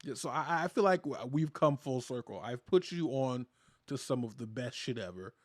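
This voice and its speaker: A man's voice: mid-range voice, lively intonation, moderate pace, dry recording. A man co-hosting a podcast in casual chat, laid-back and conversational, swearing now and then. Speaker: podcast co-host.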